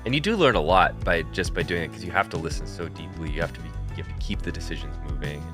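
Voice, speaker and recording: A man hosting a podcast, a lively, self-deprecating storyteller in casual conversation. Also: deep voice, fast talker, vocal fry, over music. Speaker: podcast host and composer.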